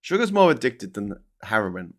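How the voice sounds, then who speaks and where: A man's voice: on the low side, big pitch swings, moderate pace. Scouse accent, middle-aged man, host, blunt ranting, reading comments. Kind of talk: casual live news chat reading viewer comments.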